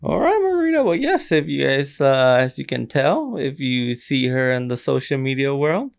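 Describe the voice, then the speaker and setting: A man's voice: medium pitch, lively intonation, normal speed, vocal fry, clean tone. A man co-hosting a podcast, laid-back, giving short replies and mixing in Spanish phrases. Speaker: podcast co-host. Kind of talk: casual podcast chat.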